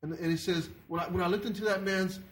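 A man preaching a sermon in an earnest, halting way, often repeating his words. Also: sits high, fairly even intonation. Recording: echoey room.

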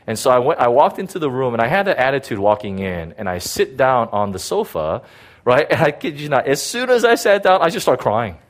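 A middle-aged man, a pastor, giving a personal testimony in a sermon. He talks haltingly, repeating words and filling with "you know.". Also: mid-range voice, sing-song.

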